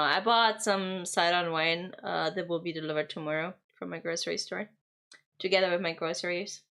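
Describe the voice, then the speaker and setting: A woman's voice: medium pitch, fairly bright tone. A young woman, chatting casually and playfully with her stream viewers and giggling often. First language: German.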